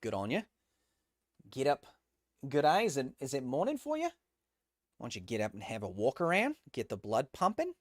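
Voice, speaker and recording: A man's voice: mid-range voice, huge pitch swings, normal speed, long pauses, no echo, studio quality. A man putting on a put-on Australian accent for a cheery Aussie bloke, talking with a raised voice. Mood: chipper. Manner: louder, raised voice.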